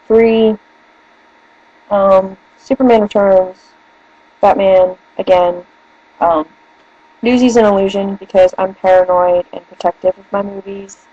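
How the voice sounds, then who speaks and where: A woman's voice: medium pitch, mellow, dry recording, muffled recording. A young woman with a northern US accent, chatting casually in a rambling, giggly way. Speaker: vlogger. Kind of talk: casual chat. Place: room at home by a bookshelf.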